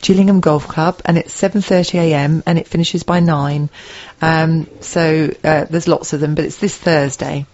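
A woman's voice: sits low, fairly even intonation, normal speed, a little mellow, lo-fi sound. A woman co-hosting a local radio show, reading out event listings with a playful, teasing, giggly manner. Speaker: radio co-host. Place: radio studio.

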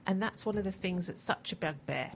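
A woman accountant guesting on a radio chat, frank and lively, laughing easily. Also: medium pitch, fairly quick, lo-fi sound, slight background noise.

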